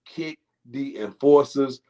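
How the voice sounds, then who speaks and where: A man's voice: mid-range voice, takes it slowly, dark tone. A man hosting a casual sports talk show, teasing and joking with slangy banter.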